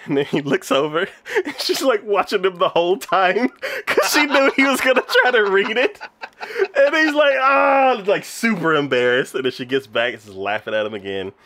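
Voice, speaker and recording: A man's voice: high-pitched, lively intonation, normal speed, pushed and bright. A man casually recapping a show's scenes, with many fillers and frequent laughter. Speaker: podcast co-host reviewing anime. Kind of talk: casual chat.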